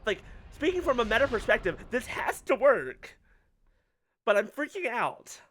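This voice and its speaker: A man giving excitable let's play commentary, swearing casually. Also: very high voice, moderate pace, a little hiss or hum. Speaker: streamer.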